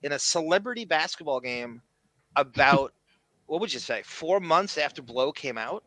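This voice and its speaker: A man's voice: on the high side, normal speed, no echo. A man co-hosting a podcast, chatting casually and tossing in joking questions. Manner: lively, jokey, asks questions. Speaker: podcast co-host. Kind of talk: casual chat.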